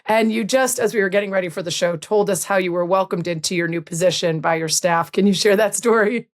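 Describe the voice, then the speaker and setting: An American woman hosts a podcast in a relaxed, chatty way. She jokes with her guest and laughs easily, and her voice sits at an ordinary middle pitch. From United States. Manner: chatty, joking, quick to laugh. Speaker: podcast host. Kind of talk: casual interview chat.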